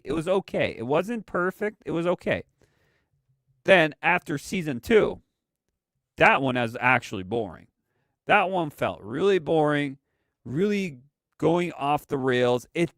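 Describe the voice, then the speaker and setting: A man's voice: a little high, fairly bright tone, no room sound, clean studio sound. A man casually commenting on a live stream, rambling and hesitant with plenty of fillers.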